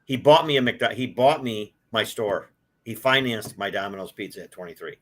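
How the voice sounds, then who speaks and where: A man's voice: on the low side, normal speed. Older man telling stories, loose and rambling. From Detroit, USA. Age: 60s. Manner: rambling, with many fillers and restarts. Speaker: guest, collector. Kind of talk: casual storytelling.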